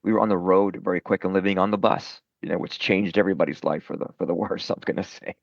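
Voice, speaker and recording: Low gravelly-voiced man, rambling. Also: fairly even intonation, fast talker, dry recording. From Brooklyn, New York. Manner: rambling, self-deprecating, many fillers. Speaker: rock singer, guest. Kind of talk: casual interview chat. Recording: dull lo-fi dry sound.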